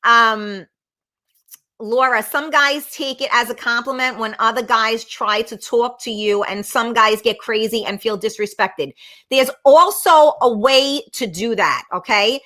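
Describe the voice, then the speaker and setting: A woman's voice: fairly high pitch, unhurried, bright, forceful tone. A middle-aged woman hosting a casual live-stream chat, blunt and brash, swearing freely as she reads viewer comments. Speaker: talk show host.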